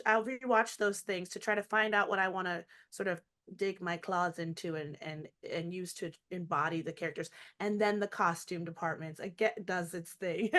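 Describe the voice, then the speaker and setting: Woman in her 30s on a video call, animated interview chat, laughs a lot, mid pitch. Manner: animated, frequent laughter, quick restarts. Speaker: comedic actress and guest.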